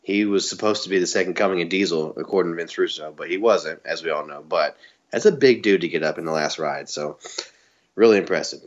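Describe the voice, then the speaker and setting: Talking fast in a voice that sits low, this Southern US man co-hosts a wrestling recap podcast. He keeps it laid-back, laughs a lot and leans on "man" and "you know," and the audio has its highs cut off.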